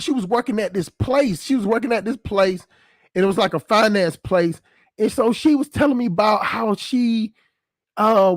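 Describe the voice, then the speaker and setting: Brief: high-pitched man, dry close sound, casual profane storyteller who keeps checking in with the audience. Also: no echo. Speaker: channel host.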